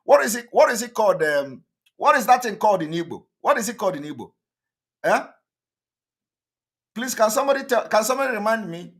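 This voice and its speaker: Man hosting, high voice, emphatic and repetitive commentary. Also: sing-song, a bit bright. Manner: emphatic, repetitive, quick to laugh. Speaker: host of an online broadcast. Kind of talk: live commentary on a played interview.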